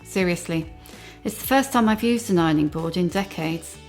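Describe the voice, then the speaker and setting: A woman in her fifties hosting a podcast, giving measured introductions with dry asides before interviewing her guest in a hotel room. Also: fairly low pitch, faint music behind. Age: 50s. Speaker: podcast host, journalist. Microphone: mic perched on an ironing board.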